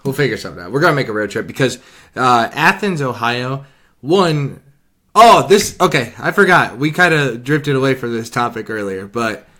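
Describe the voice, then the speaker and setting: A man's voice: medium pitch, a bit bright. A young man co-hosting a podcast, chatting casually over beers, crude and joking, laughing often. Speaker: podcast co-host.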